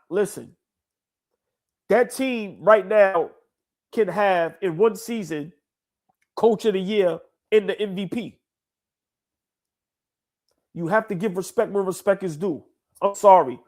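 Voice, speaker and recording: A man's voice: sits high, a little slow, pauses often. A man co-hosting a casual basketball talk show, emphatic and repetitive, his voice stuffy from congested sinuses. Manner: emphatic, repeats himself, calls sinuses bad. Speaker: co-host.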